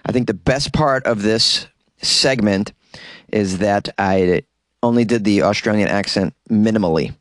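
A man's voice: fairly low pitch, measured pace, no room sound. A man hosting a comedy news podcast, reading and commenting with sarcastic asides and frequent laughter. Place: small closet.

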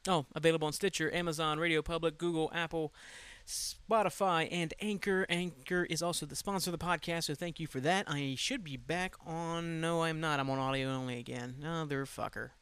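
A man chats through his own podcast in a loose, rambling way, swearing freely and sounding tired. His voice sits a little high and comes through smooth and crisp. The recording from his home mic is close and dry. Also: fairly even intonation, a little fast, a bit bright, dry recording. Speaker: podcast host. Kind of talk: casual solo podcast chat.

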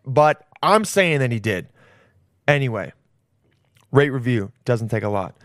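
A young male comedian opens his podcast with loose, rambling chatter, swearing freely and tossing in jokey asides. His voice sits at an ordinary middle pitch. The sound is close and dry, with no room around it. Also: sing-song, unhurried, fairly bright tone, no echo. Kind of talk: casual podcast intro chat.

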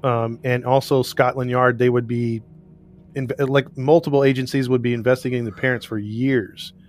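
A man's voice: medium pitch, flat delivery, moderate pace, a little mellow, faint music behind. A man co-hosting a casual chat, recounting a case in a rambling way with restarts and laughs. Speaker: podcast co-host recounting a case.

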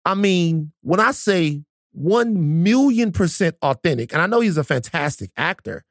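Male podcast host, expressive swooping pitch, profane and jokey, dry close mic. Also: moderate pace, dry recording. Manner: animated and profane, joking. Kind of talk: casual podcast conversation.

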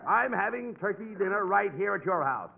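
A man's voice: high voice, animated, brisk, creaky. A man playing the straight man in a 1940s radio comedy, exasperated and scolding. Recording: muffled 1940s radio broadcast before a live audience.

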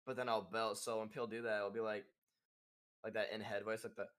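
A man's voice: flat delivery, brisk, a bit bright. A young man, a musician guest on a podcast, talking casually and rambling with filler words and swearing. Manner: rambling, casual, swearing, demonstrates singing in high falsetto.

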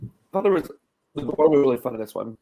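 A man co-hosting a casual movie podcast, relaxed and cheerful as he talks through the film. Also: mid-range voice, fast, vocal fry, low-quality recording. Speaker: podcast co-host.

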